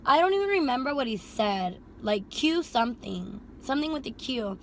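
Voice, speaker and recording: A young woman casually telling a storytime about her driving job, animated, swearing freely and filling with "like". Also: fairly high pitch, normal speed, a little hiss or hum. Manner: animated, heavy swearing and filler "like". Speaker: rideshare driver and vlogger.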